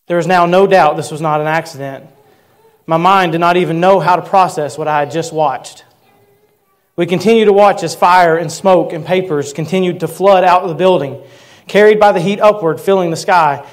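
A man in his thirties preaching a sermon, telling a personal story earnestly and slowing down to stress key words. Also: high-pitched. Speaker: pastor.

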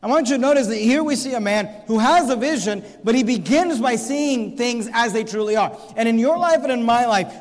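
A man with a notably high voice preaches a sermon, reading scripture and driving his points with rising emphasis. His voice rings with the long reverb of a large hall. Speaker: pastor.

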